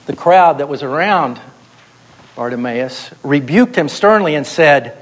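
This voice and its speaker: A man's voice: fairly high pitch, moderate pace, rough recording. Man teaching oral storytelling. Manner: explains, then tells the story aloud. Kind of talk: teaching a class. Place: seminary classroom. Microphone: wired microphone.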